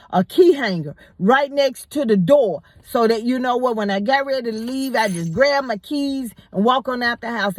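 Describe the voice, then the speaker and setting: A woman telling a personal story in a casual, animated way, often repeating words as she goes. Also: on the high side, no echo. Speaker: storyteller host.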